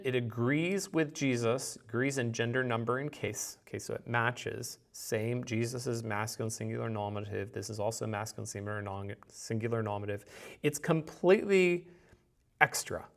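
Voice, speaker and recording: A man's voice: medium pitch, a bit bright. A man teaching a recorded Greek grammar lecture, thinking aloud and explaining patiently with examples.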